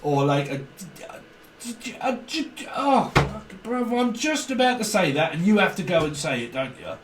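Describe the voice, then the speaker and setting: A man's voice: high-pitched, sing-song, moderate pace. A man reading tarot in a casual monologue, rambling, swearing, laughing often and mimicking other people. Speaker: tarot reader. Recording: echoey room, some distance from the mic, faint noise.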